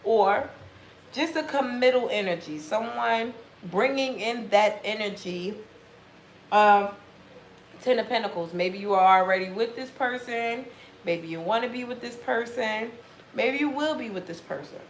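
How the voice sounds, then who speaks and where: A woman giving a casual tarot reading in a blunt, profane, animated way. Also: fairly high pitch, a little slow, echoey room, slight background noise, poor audio. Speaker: tarot reader.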